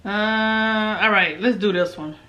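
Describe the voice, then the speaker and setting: Bright, chatty woman eating on camera. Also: medium pitch, takes it slowly. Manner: chatty, laughs often, talks between bites. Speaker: mukbang host. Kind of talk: casual chat while eating.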